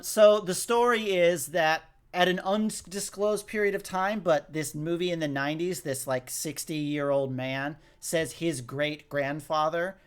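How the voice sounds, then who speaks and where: A man co-hosting a podcast, chatting casually about a movie and acting out its lines in a lively way. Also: a little high. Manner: animated, acts out movie lines. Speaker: podcast co-host. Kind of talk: casual movie recap chat.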